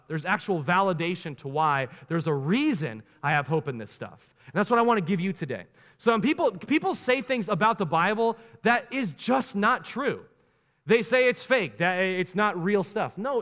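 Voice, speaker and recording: A man in his thirties preaches a sermon, his voice sitting a little high for a man. He is animated, leaning into slow, weighty phrases and then speeding through casual asides. A long church-hall reverb trails behind every word. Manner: animated preaching, swings between slow emphatic lines and quick asides. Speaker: pastor. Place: church sanctuary.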